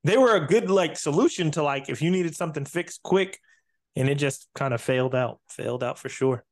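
A man's voice: a little high, expressive, darkish tone. A man co-hosting a podcast in casual chat, emphatic and full of slang. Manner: emphatic, slangy, quick agreement.

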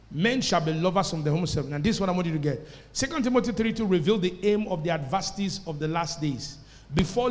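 High-voiced pastor preaching in an echoey hall. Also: male voice, darkish tone. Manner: emphatic preaching, call-and-response with the congregation. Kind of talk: sermon. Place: church service before a congregation.

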